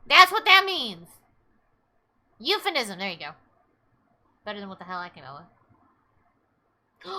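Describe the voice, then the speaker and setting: A woman's voice: medium pitch, pushed and bright. A woman streaming a story game, chatting casually with her viewers, swearing, laughing and gasping often. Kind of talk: casual live-stream commentary.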